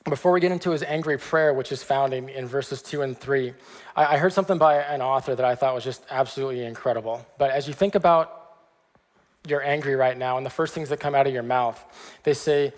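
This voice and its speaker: A man preaching a sermon as pastor, in a conversational way, often pausing to check in with "okay.". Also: medium pitch, big-room sound. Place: church sanctuary.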